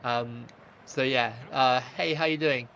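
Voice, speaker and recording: A young man streaming a football game, chatting with viewers and reacting loudly to the play, on a slightly dull lo-fi mic. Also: medium pitch, steady tone, slow pace, slight background noise. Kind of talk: live gaming stream commentary.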